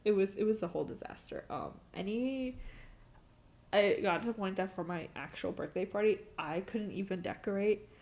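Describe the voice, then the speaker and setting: A woman's voice: medium pitch, moderate pace, darkish tone. A young adult woman telling a story in a casual, rambling way, laughing often and filling her talk with "like" and "um" while she streams.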